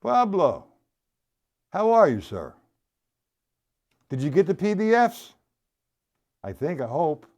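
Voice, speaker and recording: Slow and full of pauses, a drum instructor's slightly high, darkish voice comes across as very animated during his live-streamed lesson. He keeps things casual, repeats himself, and checks in with viewers, captured by the live stream camera mic.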